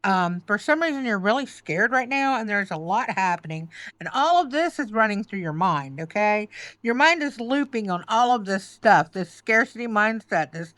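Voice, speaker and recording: A woman's voice: fairly high pitch, lively intonation, normal speed, sharp tone, no room sound. A woman giving an emotional, reassuring tarot reading, close to tears, often repeating herself and calling the listener "baby". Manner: emotional, reassuring, repetitive, says "okay" and "baby". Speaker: tarot reader.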